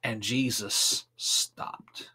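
A man's voice: fairly low pitch, fairly even intonation, very slow, pushed and bright, slightly rough. A man preaching a sermon and retelling a scripture story with dramatic, emphatic delivery. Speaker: pastor.

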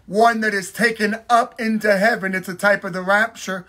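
A man teaching a Bible lesson in a sermon style, emphatic, repeating key phrases and slowing down to stress them. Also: high voice, fairly even intonation, sharp tone. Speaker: pastor teaching a Bible study.

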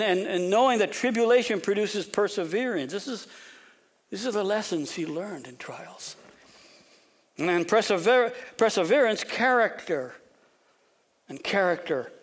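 A pastor preaching an animated sermon, often repeating words and dropping to a whisper for emphasis. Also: male voice, sits high, measured pace, long pauses, husky. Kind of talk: expository sermon.

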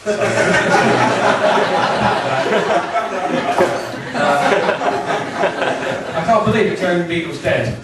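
A young man performing a stand-up routine with jittery, deadpan delivery, recorded by a distant camera in a room with an audience. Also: high voice, a crowd in the background. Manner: jittery, quick asides, deadpan punchlines. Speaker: stand-up comedian. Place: club or function room with audience. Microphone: distant camera mic. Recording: echoey room from far off. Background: audience laughter.

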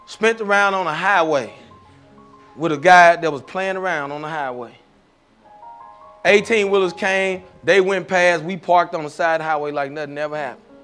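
A man preaching a fervent testimony sermon at a church service, repeating phrases and rising into shouts. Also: a little high, normal speed, soft background music. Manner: repetitive call-and-response preaching, rising to shouts.

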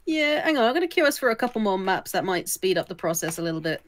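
A woman joining a gaming chat as the guest, heard through an online voice call. She talks in a relaxed way and explains things patiently. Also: mid-range voice, fast. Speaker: guest gamer.

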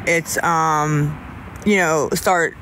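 Rambling young man, a bit high-voiced. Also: steady tone, sharp tone, a little hiss or hum. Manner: rambling, halting, frequent restarts and fillers; candid, talks openly about staying sober. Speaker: livestreamer answering chat. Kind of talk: casual livestream chat.

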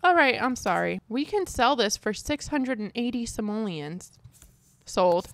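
A woman's voice: on the high side, lively intonation, unhurried. A woman giving casual, chatty gameplay commentary as a streamer, exasperated and swearing lightly. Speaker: gaming streamer.

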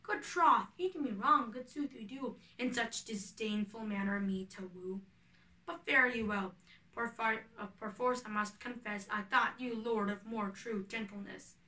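A lovesick, spurned young woman, read by a woman in earnest verse. The voice is bright and slightly high, with the mic a little distant. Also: measured pace, echoey room. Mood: pleading. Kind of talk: reading a play aloud.

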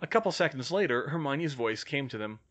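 A man reading fan fiction aloud as an audiobook, with measured storytelling. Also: mid-range voice, animated, fairly bright tone. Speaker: audiobook reader.

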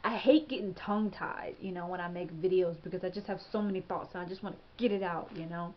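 A woman's voice: lowish voice, quick pace, dull audio. A woman hosting her own astrology channel, talking casually and emphatically to camera, often asking "okay?" and laughing as she gets tongue-tied. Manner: chatty, emphatic, frequent "okay?" and "you know". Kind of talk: casual tarot-style forecast to camera.

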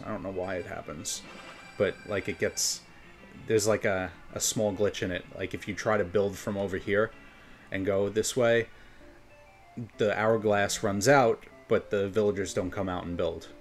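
A man's voice: sits low, steady tone, measured pace, gravelly. A man from New York with a New York accent, chatting casually as a game streamer and rambling between topics. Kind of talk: casual gameplay commentary. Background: faint game music.

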